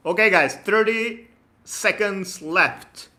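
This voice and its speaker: A man from the Republic, hosting a casual live-stream Q&A. He is chatty and relaxed, laughs easily, and reads viewer comments aloud. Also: a little high, a little slow. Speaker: immigration consultant hosting a live Q&A.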